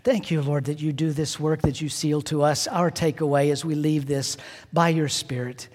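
A middle-aged man preaching a sermon as pastor, telling a personal story and closing in prayer, moving between lively and hushed delivery. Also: on the high side, normal speed. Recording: long hall reverb.

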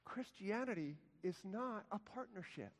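A man preaching a sermon as a pastor, swinging between loud emphatic lines and hushed, slow passages. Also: high-pitched, lively intonation, in a large hall.

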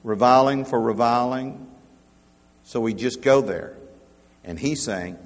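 A pastor preaching a sermon, slow and emphatic, dropping to a hush and then rising loud to make his points. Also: medium pitch. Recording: long hall reverb.

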